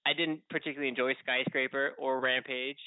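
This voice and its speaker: A man's voice: medium pitch, little pitch movement, fairly quick, no echo. A playful, opinionated man co-hosts a debate in casual chat. His mid-range voice comes through dry and thin, like a phone line. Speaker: podcast co-host.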